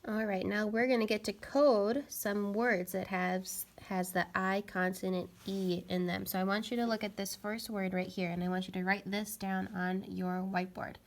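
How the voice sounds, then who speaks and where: A woman's voice: medium pitch, steady tone, moderate pace, few pauses. A woman teaching a phonics lesson to young children, patiently sounding out letters and words.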